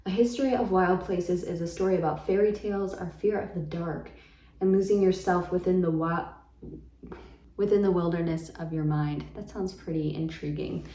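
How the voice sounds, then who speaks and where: A woman's voice: fairly low pitch, steady tone, moderate pace, mellow. Chatty woman in an echoey room. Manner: chatty and rambling, many ums and likes. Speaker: book vlogger. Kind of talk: casual book chat.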